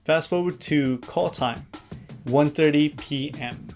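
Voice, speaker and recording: A man narrating his own vlog in a scripted, deadpan way, with wry asides and an earnest, introverted manner. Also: on the high side, takes it slowly, faint music behind. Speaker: vlogger.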